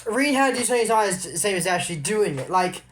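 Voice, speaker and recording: A man's voice: sits high, very animated, quick pace, fairly bright tone. A man casually retelling a cartoon episode, rambling with asides and opinions. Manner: chatty, opinionated. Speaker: show recap commentator.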